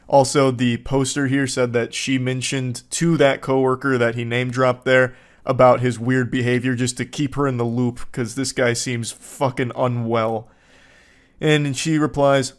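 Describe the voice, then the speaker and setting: A male commentator with a middle-pitched voice riffs sarcastically through casual reaction commentary. His delivery is dry and deadpan, and he swears freely. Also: a little slow. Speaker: online commentator reacting to texts.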